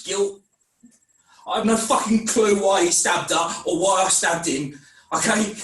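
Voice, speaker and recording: A man voicing a guilt-ridden, self-doubting young man in an online script reading, halting and anguished. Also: high voice, fairly bright tone. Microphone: video call mic. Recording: echoey room, mic at a distance.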